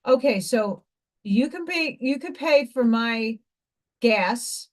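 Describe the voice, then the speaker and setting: A woman's voice: on the high side, animated, slow. A woman hosting a livestream, her voice sitting a little above the usual range. She rambles from point to point, stresses her words hard, and breaks off to greet viewers by name. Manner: rambling and emphatic, greets viewers mid-sentence. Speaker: livestream host and school teacher. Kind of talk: casual livestream chat.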